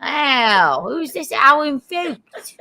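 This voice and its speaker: A woman voicing a gossipy, mocking Cockney English local in an exaggerated, drawn-out way, as a comic impression on a live stream. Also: high-pitched, very animated, vocal fry, bright, forceful tone, voice pushed up, heavily acted.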